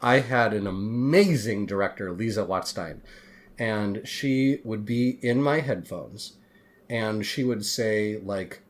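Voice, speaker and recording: A man's voice: on the low side, takes it slowly. A man, a guest author on a podcast interview, telling his story in an earnest, heartfelt way.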